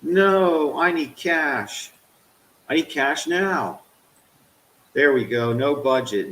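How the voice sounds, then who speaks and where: A man streaming a game, swearing at it and swinging from low grumbling to loud yelling while he talks to his chat. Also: animated, takes it slowly, echoey room, poor audio. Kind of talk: live game stream commentary.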